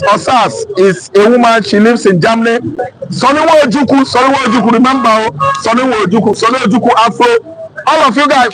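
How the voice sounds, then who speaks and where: A man's voice: high-pitched, poor audio. A Nigerian man hosting a live-stream chat, calling out viewers' names. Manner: reads out viewers' names with lively calls. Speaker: show host.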